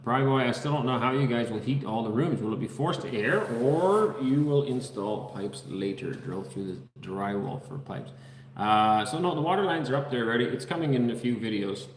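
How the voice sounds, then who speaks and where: A man from the Netherlands, livestreaming casually from a house under construction, reads out viewers' names and comments in a relaxed manner. His medium-pitched voice is expressive at a moderate pace, captured with a roomy, big-room sound and a little hiss or hum.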